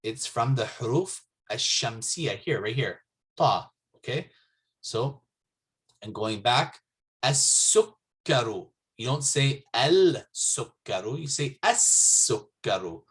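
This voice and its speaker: A man's voice: medium pitch, slow pace, a bit bright, husky. A man teaching Arabic letters in a patient, repetitive manner, often checking in with "okay?". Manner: patient, repeats words and checks understanding with "okay?". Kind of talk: slow classroom explanation. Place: mosque classroom.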